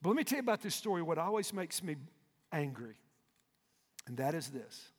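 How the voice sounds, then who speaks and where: A male pastor preaching a fervent sermon in a large church auditorium. He swings from hushed asides to loud shouts and keeps asking the congregation to respond. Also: on the high side, big pitch swings, fairly quick. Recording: long hall reverb.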